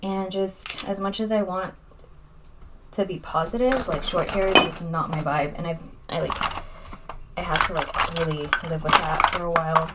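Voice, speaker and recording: A woman's voice: fairly low pitch, fairly even intonation, normal speed, heavy background noise. A young woman chatting casually in a makeup vlog, rambling and candid, with lots of fillers as she talks. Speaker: vlogger.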